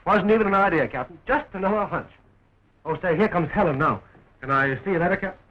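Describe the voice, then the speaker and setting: A man's voice: sits high, expressive, quick pace. An actor playing a joking young man who fights to free his sweetheart, in early talkie film style, with a dull, scratchy 1920s film sound.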